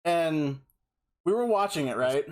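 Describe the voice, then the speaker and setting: A man's voice: a little high, lively intonation, unhurried. A man co-hosting a podcast, telling stories casually and animatedly with frequent swearing and laughter. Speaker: podcast co-host. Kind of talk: casual chat.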